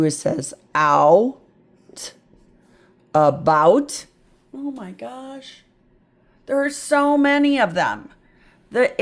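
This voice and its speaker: Slow, chatty woman reading tutor. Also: medium pitch. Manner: chatty, self-interrupting, thinks aloud. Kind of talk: phonics lesson at a whiteboard.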